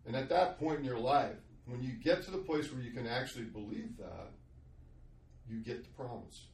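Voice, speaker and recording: A man's voice: medium pitch, a little mellow, reverberant, recorded from a distance. A middle-aged man sharing a Christian testimony in a conversational podcast, telling his story earnestly. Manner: earnest storytelling, acts out quoted voices.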